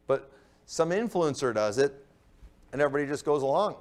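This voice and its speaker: A young adult man, a pastor, preaching a sermon that swings from loud emphasis to low, muttered asides. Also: animated, fairly quick.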